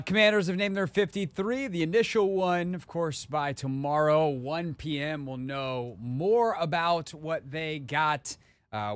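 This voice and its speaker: A man's voice: medium pitch, fairly bright tone, no room sound. A man hosting a live sports radio show, talking casually with lots of fillers and restarts in a studio. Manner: conversational, rambling with fillers and restarts.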